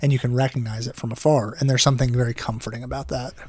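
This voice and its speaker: Male podcast co-host, mid-pitch, rambling chatty delivery, dry studio sound. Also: fairly even intonation, rapid-fire, a little mellow, slightly rough, no room sound. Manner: rambling, restarts often, swears casually. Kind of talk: casual podcast chat.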